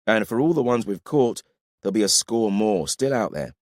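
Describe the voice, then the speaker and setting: A man's voice: fairly low pitch, expressive, moderate pace, dry recording, clean studio sound, voice pushed up, lightly acted. A man voicing a grinning veteran male warrior with a wry, teasing manner.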